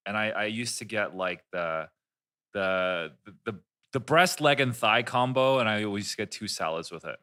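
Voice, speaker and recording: A man's voice: fairly low pitch, lively intonation, moderate pace, bright, forceful tone, clean tone. A man hosting a podcast, telling a story in casual chat, rambling and swearing, with lots of restarts. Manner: rambling, profane, full of restarts. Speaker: podcast host.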